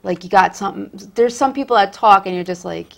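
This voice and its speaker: A woman's voice: medium pitch, brisk, vocal fry. A woman hosting a casual interview, effusive and encouraging toward her guest. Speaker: host.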